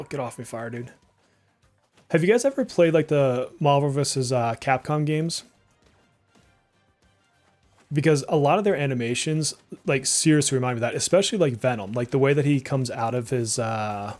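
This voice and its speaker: A man streams a game and chats loosely, with a mid-pitched voice and a mild Massachusetts accent. He has a slight speech impediment and fills his talk with "like". Faint music plays behind him. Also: moderate pace, a little mellow. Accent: mild Massachusetts, slipping through on some words. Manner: chatty and rambling, many "like" fillers, reacts aloud to the game. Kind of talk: casual live-stream gameplay commentary.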